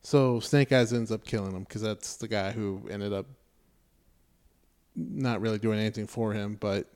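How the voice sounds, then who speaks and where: A man with a mellow, warm tone retells a movie in casual podcast chat. He is animated and profane. He acts out the characters' lines with a sarcastic edge. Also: lowish voice, normal speed, clean tone. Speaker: podcast co-host reviewing a movie.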